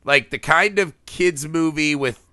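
Podcast host, male, bright tense voice, dry close mic, excitable and sweary. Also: a little high, measured pace, no echo. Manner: animated, laughs often, swears casually. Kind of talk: casual podcast film chat.

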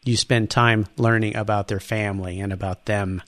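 A man hosting an interview, telling anecdotes in an animated way and acting out the people in them. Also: fairly low pitch, moderate pace, dry recording, studio quality. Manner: animated storyteller, acts out quoted voices. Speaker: interview host. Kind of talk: conversational interview.

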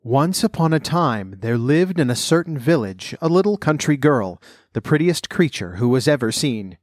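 A man narrating a fairy tale in a measured, clear storytelling voice. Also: medium pitch, big pitch swings, dry recording, studio quality.

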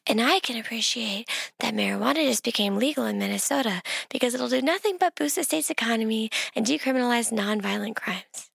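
A woman's voice: on the high side, fairly quick, gravelly, husky, no room sound. A woman in a comedy sketch, bubbly and playfully silly.

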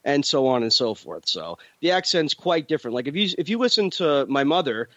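A man's voice: on the high side, big pitch swings, fairly quick, fairly bright tone, dry recording. A man from central New Jersey with a New Jersey accent, chatting casually on a podcast, rambling and repeating himself. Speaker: podcast co-host. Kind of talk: casual chat. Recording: dull lo-fi audio.

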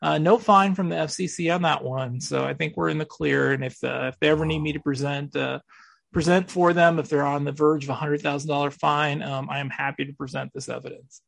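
A man's voice: a little high, steady tone, fairly quick, vocal fry, a bit bright, no room sound. A man hosting a sports radio podcast, explaining clips in a casual, mock-serious way. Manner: mock-serious, walks through audio clips. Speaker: podcast host.

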